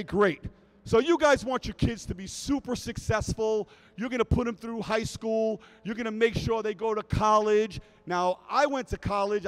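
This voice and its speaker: Animated, high-voiced man telling a story. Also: clear, resonant tone, low-quality recording. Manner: animated, keeps checking in with "right?". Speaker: speaker at a fan convention. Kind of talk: comic storytelling to a live audience.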